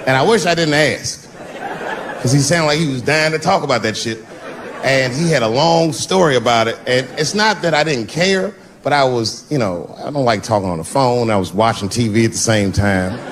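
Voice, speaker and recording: A man performing stand-up, telling a story with lively, profane energy. His pitch sits mid-range but leaps around when he quotes people. A steady wash of background noise runs under the stage recording. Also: moderate pace, crowd noise. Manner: animated, profane, big pitch swings for quoted voices. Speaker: stand-up comedian.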